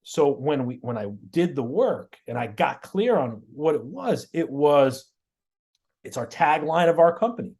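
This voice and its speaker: A man, a guest on an interview show, tells his stories in an animated way and often repeats words and restarts mid-sentence. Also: a little high, measured pace, slightly rough. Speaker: guest, auto body shop owner. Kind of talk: storytelling in a podcast interview.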